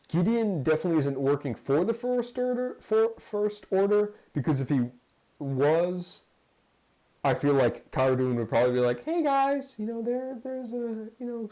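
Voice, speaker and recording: A man's voice: mid-range voice, mellow, rough recording. A man hosting a casual fan podcast, talking in a rambling, jokey way. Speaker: podcast host.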